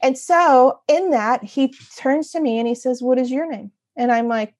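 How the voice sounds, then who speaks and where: A woman guest telling a personal story in an earnest, emotional way, halting and restarting as she goes. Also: sits high, darkish tone. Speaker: podcast guest.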